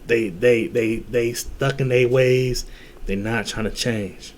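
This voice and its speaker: A man's voice: mid-range voice, fairly even intonation, slow, a little mellow, slight background noise. A man giving dating advice in a casual, blunt monologue, full of slang, cursing and restarts. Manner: blunt, heavy slang and cursing, repeats himself.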